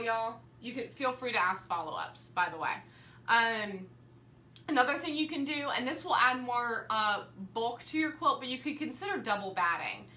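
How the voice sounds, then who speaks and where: A young woman with a fairly high, pushed and bright voice chats her way through a live-streamed quilting demonstration as the teacher. She's friendly and talks straight to her viewers, recorded in an echoey room with slight background noise.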